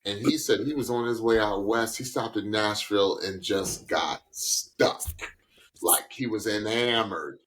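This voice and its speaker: A man co-hosting a podcast in casual chat, animated and talking like a voice teacher, often jumping up high in pitch when excited. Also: a little slow. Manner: takes on a voice teacher's advising tone. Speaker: podcast co-host.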